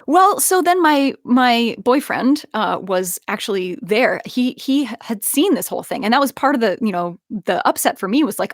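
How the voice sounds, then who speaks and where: A young woman telling a personal story in casual conversation, animated, with frequent laughs and many restarts. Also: fairly high pitch, brisk, dry recording, clean studio sound. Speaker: podcast guest.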